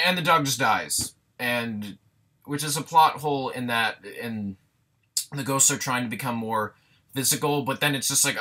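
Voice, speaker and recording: Bright-voiced, exasperated young man ranting. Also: mid-range voice, animated, measured pace. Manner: exasperated, sarcastic, swears freely. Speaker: movie reviewer. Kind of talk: casual ranting film review.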